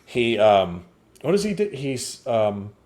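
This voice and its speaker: A young man chatting on a movie review podcast in a mid-range voice. He retells scenes with animated energy, breaking into laughter and casual swearing. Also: medium pitch, slow. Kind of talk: casual chat.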